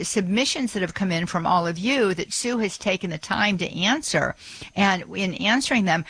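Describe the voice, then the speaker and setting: Woman radio host, bright crisp tone, dry studio mic, rambling friendly delivery. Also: on the low side, no echo, rough recording. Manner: chatty, many fillers and restarts. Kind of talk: radio talk show.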